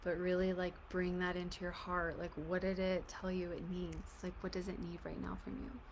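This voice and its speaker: A woman coaching an emotional tapping exercise in a gentle, reassuring, casual way, often saying "like". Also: fairly low pitch, completely flat delivery, normal speed, noisy background. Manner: casual, fills speech with "like". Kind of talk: guided tapping session.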